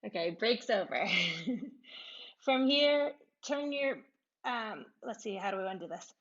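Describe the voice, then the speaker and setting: A woman teaching a yoga class, cueing poses in short calm phrases, a little out of breath and laughing at herself now and then. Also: mid-range voice, fairly quick, dull audio. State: slightly out of breath. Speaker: yoga instructor. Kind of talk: guided yoga class instruction.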